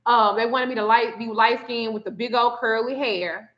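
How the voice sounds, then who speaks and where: A woman telling a story in a casual chat, animated and profane, often acting out the quotes. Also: a little high, moderate pace. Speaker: spiritual reader and vlogger. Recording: muffled lo-fi sound.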